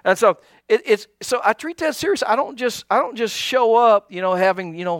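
A man pastor preaching a sermon, animated, calling out to his congregation and acting out little asides. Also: high-pitched, a little fast, hardly any pauses, dry recording, studio quality.

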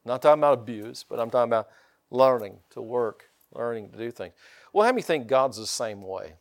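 This pastor, an older Indiana man, delivers his sermon briskly in an expressive, mid-range voice. His style is folksy, and he regularly asks the congregation for an amen.

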